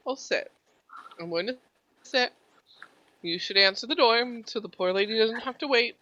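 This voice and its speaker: A woman's voice: a little high, expressive, normal speed, bright, forceful tone, no echo, highs cut off, voice pushed up. A woman voicing a polite, fussy man who stammers and insists. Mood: insistent.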